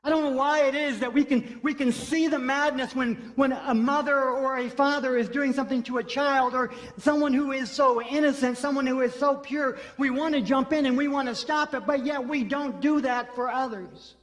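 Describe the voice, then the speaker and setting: A man's voice: very high-pitched, steady tone, moderate pace, few pauses, a bit bright. A man preaching a sermon as pastor, telling a story and repeating phrases for emphasis. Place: church sanctuary. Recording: long hall reverb.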